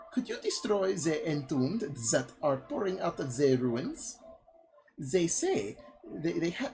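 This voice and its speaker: A woman voicing a scheming female game merchant, reading the dialogue slowly with an exaggerated, stereotyped French accent. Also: fairly low pitch, a little mellow, pitched above the performer's own voice, heavily acted, rough recording. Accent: put-on stereotyped French. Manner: slow, drawn-out, hammy line reading.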